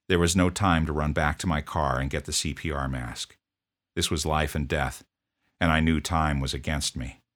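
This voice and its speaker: Guy with a real low voice, steady measured storytelling, first responder telling about a call. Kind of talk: first-person storytelling narration.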